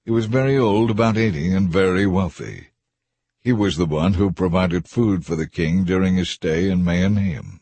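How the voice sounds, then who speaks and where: A man reading scripture aloud in a measured, even narration. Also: low-pitched, breathy edge, no echo. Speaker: scripture reader. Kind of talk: scripted Bible reading over music. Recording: soft music bed behind.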